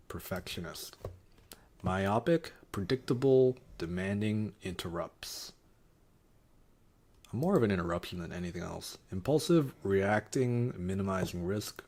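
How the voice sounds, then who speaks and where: A man's voice: low voice, darkish tone, slightly rough. A man streaming casually, reading quiz options aloud and muttering wry, sarcastic asides.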